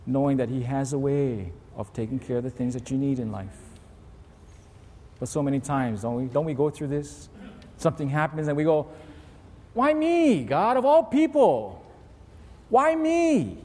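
A man preaching a sermon as pastor, animated, acting out pleading voices with big leaps in pitch. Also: fairly quick, big-room sound.

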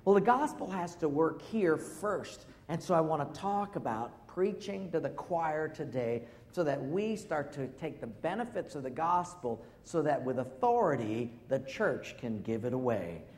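A man preaching a sermon as pastor, lively and conversational, asking the congregation questions. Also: on the high side, a little slow, few pauses. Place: church hall. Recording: long reverb of a large hall.

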